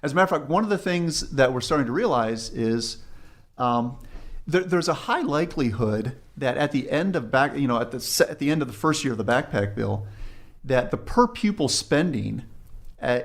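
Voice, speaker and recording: A man on a podcast calmly walking through school funding figures in an explanatory way. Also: medium pitch. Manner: steady explanatory, walks through numbers. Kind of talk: podcast discussion.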